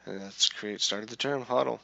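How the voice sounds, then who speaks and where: A man co-hosting a podcast in casual chat, animated when reading out posts. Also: on the low side, a little slow, creaky, no echo, lo-fi sound. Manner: animated, reading aloud with theatrical voices. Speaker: podcast co-host.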